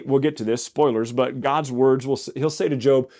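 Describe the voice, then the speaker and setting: A man's voice: a little high, moderate pace, hardly any pauses, mellow. Man explaining scripture conversationally. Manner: occasional fillers and self-corrections. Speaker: Bible teacher. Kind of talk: casual Bible study teaching.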